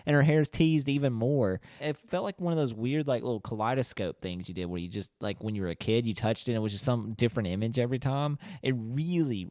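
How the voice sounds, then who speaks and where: A man co-hosting a podcast, recapping a film in casual chat, rambling with lots of "like" and quick laughs. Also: on the low side, darkish tone, dry recording, studio quality. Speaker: podcast co-host.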